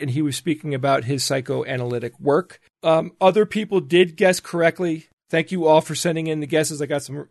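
Playful, high-voiced podcast co-host man. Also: gravelly, darkish tone, dry recording, studio quality. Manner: playful, giggly, reads out listener emails. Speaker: co-host presenting a listener quiz segment. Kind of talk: casual podcast chat.

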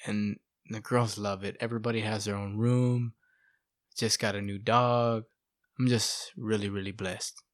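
A middle-aged guest sharing testimony talks a little slowly in a lowish voice, telling his life story casually. He's animated, acting out quotes and sprinkling in "you know" and "bro," with clean studio sound and no echo.

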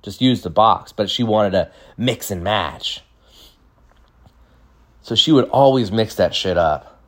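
A young man with a low-pitched voice tells loose, rambling stories about his childhood. He keeps breaking into high, exaggerated voices to act out what he and others said. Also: takes it slowly, fairly bright tone. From California. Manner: rambling, acts out quotes in high mimicking voices. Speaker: podcast host. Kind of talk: casual storytelling monologue.

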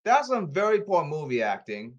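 A man hosting a solo podcast, ranting with exasperation and repeating himself, his pitch leaping and his loudness swinging. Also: moderate pace, lo-fi sound. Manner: animated, erratic pitch leaps and volume swings. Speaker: podcast host.

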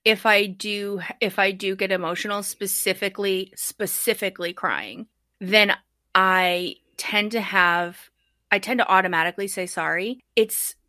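Bright-voiced woman reflecting aloud. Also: mid-range voice, a little slow, no echo, studio quality. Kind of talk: casual group discussion.

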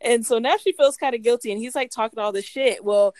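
A woman co-hosting a podcast, casually retelling a story with lively acted-out quotes and frequent laughter. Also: fairly high pitch, a little fast, no echo. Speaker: podcast co-host. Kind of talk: casual story review chat.

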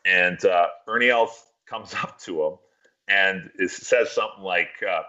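Bright-voiced man telling a profane story. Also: deep voice, measured pace, dull audio. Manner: profane, rambling, animated storyteller. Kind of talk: casual storytelling chat.

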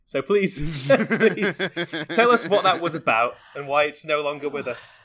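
A man's voice: on the high side, animated, moderate pace, crowd noise. A man from the UK co-hosting a podcast with playful, jokey asides. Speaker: podcast co-host. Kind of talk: casual chat.

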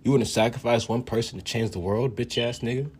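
A man's voice: medium pitch, fairly quick, slightly rough. A man ranting casually for laughs, boastful and profane, laughing often. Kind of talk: casual comedic rant.

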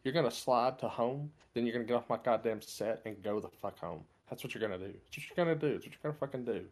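A man's voice: mid-range voice, quick pace, darkish tone, lightly acted. Man doing a sneering, cursing film director. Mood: sneering rant. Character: scornful, hot-tempered male film director scolding a musician.

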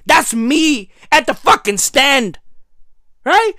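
A hoarse man with a South African accent delivering a profane, comedic political rant, switching between English and Zulu slang. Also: extremely high pitch, very animated, slow, bright, forceful tone, dry recording, studio quality. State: hoarse, clearing throat. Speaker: vlogger.

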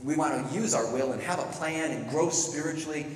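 A middle-aged man preaching a sermon, telling stories with lively acted-out quotes. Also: fairly high pitch, fairly quick, far from the mic, slight background noise. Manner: animated storytelling with playful acted quotes. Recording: echoey hall, speaker away from the mic.

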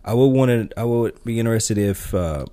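Low-voiced man rambling about films. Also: lively intonation, moderate pace, dark tone. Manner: rambling, restarts, many "you know"s. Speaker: podcast co-host. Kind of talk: casual film chat.

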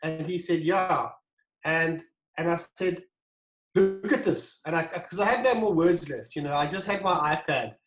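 A man telling a story as an interview guest, animated and acting out the dialogue, with frequent restarts. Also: a little high, normal speed, roomy sound, poor audio. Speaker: guest, wine brand founder.

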